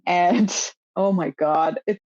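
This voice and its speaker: A young woman co-hosting a podcast, recapping a show in casual, animated chat full of fillers and swearing. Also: fairly low pitch, slow pace, highs cut off. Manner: animated, swearing, lots of fillers and quoted lines. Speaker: podcast co-host.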